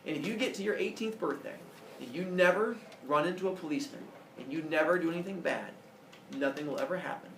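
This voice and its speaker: A stern older judge lecturing with booming emphasis, as a man puts him on. The voice sits a touch high with a gravelly edge. It sounds echoey, picked up from some distance away. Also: fast, fairly bright tone, slight background noise. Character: stern older male judge laying down the law. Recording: echoey room, voice from far off.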